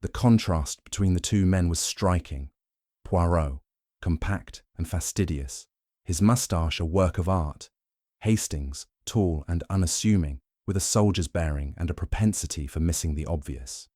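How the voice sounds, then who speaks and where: A man narrating a mystery audiobook in a measured, even storytelling manner. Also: deep voice, no echo, studio quality.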